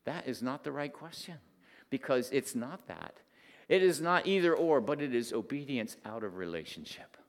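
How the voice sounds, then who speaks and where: A man preaching a sermon, moving between loud emphatic points and quiet, confiding stretches. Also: mid-range voice, lively intonation, moderate pace. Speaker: pastor. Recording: long reverb of a hall.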